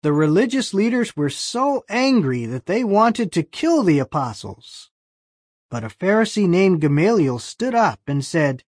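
A narrator reading a bible story lesson in slow, clear scripted storytelling. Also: medium pitch, big pitch swings, darkish tone, dry recording, clean studio sound.

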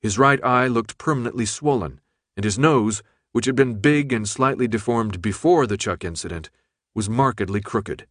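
A man reading a novel aloud as narrator, in a steady, measured manner. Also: fairly low pitch, dry recording, clean studio sound. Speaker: audiobook narrator. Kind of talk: scripted narration.

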